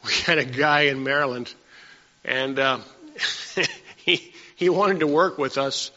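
A man preaching a sermon as the pastor of his church, animated and emphatic, often restarting his phrases. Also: fairly high pitch, takes it slowly. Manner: animated, rising to emphatic peaks, with frequent restarts. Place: church sanctuary. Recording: dull sound with hall reverb.

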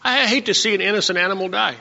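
A male pastor preaching a sermon, reading scripture slowly and then telling homespun stories to his congregation. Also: high voice, gravelly, sharp tone. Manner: reads verses slowly, then tells folksy stories. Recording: dull lo-fi church recording with long reverb.

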